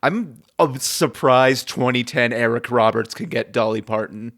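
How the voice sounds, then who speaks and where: A man hosting a podcast in relaxed conversation. His voice sits at an ordinary middle pitch. He talks hesitantly, with lots of "um"s, and chuckles often. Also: unhurried. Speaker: podcast host. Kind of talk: casual chat.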